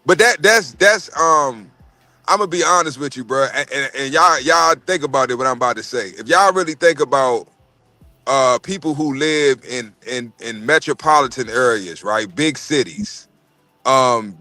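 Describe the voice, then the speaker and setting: A man's voice: mid-range voice, moderate pace, sharp tone, no room sound, faint music behind. A man hosting a casual podcast chat, telling stories in a rambling, profane way.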